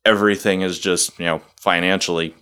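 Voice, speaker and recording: Deep-voiced casual man. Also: brisk, clear, resonant tone. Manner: relaxed, profane, rambling. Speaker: podcast co-host. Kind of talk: casual chat.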